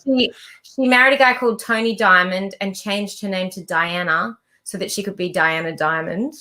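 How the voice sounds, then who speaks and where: A woman's voice: medium pitch, moderate pace, sharp tone. A woman, a musician guest, telling stories in a casual chat and swearing casually. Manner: chatty storyteller, swears casually.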